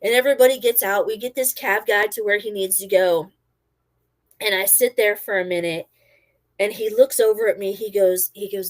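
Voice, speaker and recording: A middle-aged woman and former army medic, casually telling a story and acting out her own quotes loudly. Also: medium pitch, fairly even intonation, normal speed.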